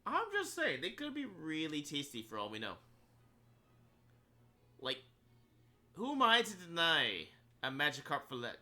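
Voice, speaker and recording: Male streamer, casual rambling chat with lots of laughs; bright, animated voice that swings up and down. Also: on the high side, a little slow, long pauses, soft background music. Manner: rambling, filler-heavy, laughs often. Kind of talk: casual live-stream chat while gaming.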